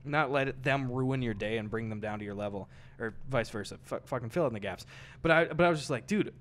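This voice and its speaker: A young man telling a story on a podcast in animated, loose casual chat. He swears freely and mimics the people in the story. His voice sits at an ordinary middle pitch. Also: quick pace, a little hiss or hum. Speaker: podcast co-host.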